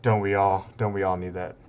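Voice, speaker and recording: A young man casting a strategy game tournament in a loose, rambling way, breaking into excited outbursts and laughter. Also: low-pitched, moderate pace, smooth, dull audio. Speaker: tournament caster. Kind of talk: casual game commentary.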